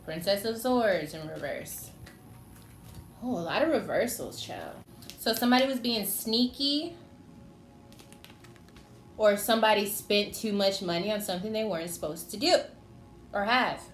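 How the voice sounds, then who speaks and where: A woman's voice: medium pitch, unhurried, pauses often, soft background music. A woman giving a casual tarot reading, chatty and teasing, talking straight to the signs she reads for. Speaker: tarot reader. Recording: echoey room with faint noise.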